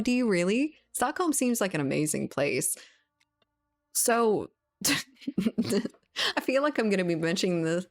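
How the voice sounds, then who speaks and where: A woman from Louisiana streaming, casually chatting with her viewers, laughing often and swearing now and then. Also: lowish voice. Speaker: livestreamer reading chat. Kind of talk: casual chat.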